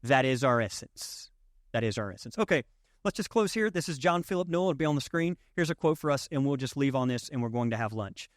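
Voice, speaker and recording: A man's voice: a little high, fast talker, no room sound, clean studio sound. A man preaching a sermon as pastor, conversational and emphatic, with rhetorical questions to the congregation. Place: church sanctuary.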